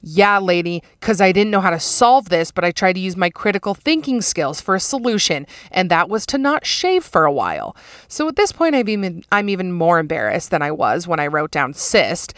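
A young woman hosting a podcast, casually telling an embarrassing story in a chatty, animated way, laughing often. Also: fairly low pitch, moderate pace, dry recording, clean studio sound. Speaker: podcast host.

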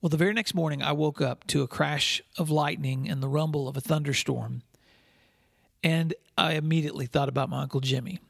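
Gravelly, husky-voiced man hosting a podcast. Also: a little high, steady tone, fairly bright tone, no room sound, clean studio sound. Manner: earnest, measured storyteller. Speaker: podcast host and school leadership speaker. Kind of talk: scripted podcast monologue with storytelling.

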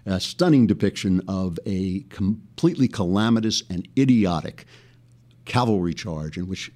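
A man hosting a podcast monologue, an animated storyteller with chatty asides who breaks into laughs mid-sentence. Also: deep voice, normal speed. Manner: recites poetry with rhythmic, dramatic emphasis. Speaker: podcast host.

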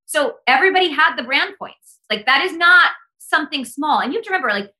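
Bright-voiced woman from Texas, emphatic. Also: high-pitched, lively intonation, fast. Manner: emphatic, runs on with "like" and "right?". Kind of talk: casual gossip chat.

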